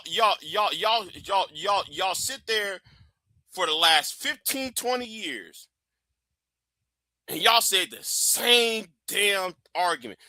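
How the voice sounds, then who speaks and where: Guy ranting on his stream, high bright voice, blunt and swearing a lot. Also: dry recording. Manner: blunt, profane and emphatic. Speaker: livestream host. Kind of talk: heated commentary rant.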